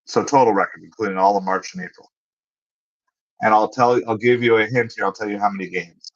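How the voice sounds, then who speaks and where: With a voice on the low side and fairly even intonation, a man hosts a laid-back livestream over lo-fi sound. He answers viewers conversationally, thinking aloud and pausing with fillers while he looks things up.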